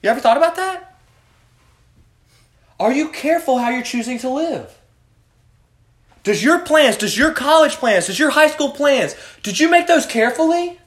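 Man, youth Bible teacher, high voice, preaching, calls on students, roomy echo. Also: expressive, moderate pace, pauses often, a bit bright. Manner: preachy, asks the group questions, calls on students by name. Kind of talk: youth Bible study lesson. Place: room with a student group. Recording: echoey room.

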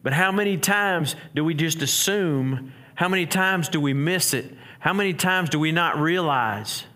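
Male pastor, middle-aged, conversational preaching style with many restarts, voice on the higher side. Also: moderate pace, pushed and bright. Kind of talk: sermon.

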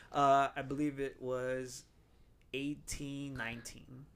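A man on a casual podcast, loud, profane and joking with friends. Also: medium pitch, flat delivery, slow, a little hiss or hum. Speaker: podcast co-host. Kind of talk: casual chat.

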